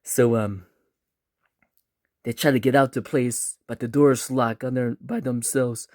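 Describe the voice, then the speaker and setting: Slow, laid-back male storyteller. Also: medium pitch, steady tone, a little mellow, no room sound, studio quality. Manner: laid-back, chatty, acts out voices. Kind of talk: casual storytelling.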